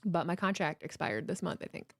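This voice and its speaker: A woman runs a live watch-along stream, playfully teasing her viewers and calling her chat "my darlings" in casual conversation. Her voice is lowish, fairly quick and creaky, picked up by a desk mic while she wears headphones, with no room sound.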